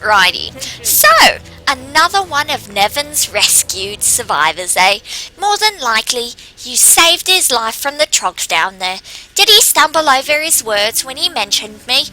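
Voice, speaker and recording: A woman's voice: high-pitched, very animated, takes it slowly, sharp tone, exaggerated voice, poor audio. A woman voicing a male gnome warlock trainer in a game, putting on an accent she herself calls terrible. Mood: wry.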